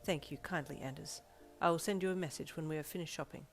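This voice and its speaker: A woman's voice: low-pitched, quick pace, soft background music. A woman voicing a formal, earnest young male student who speaks stiffly and politely.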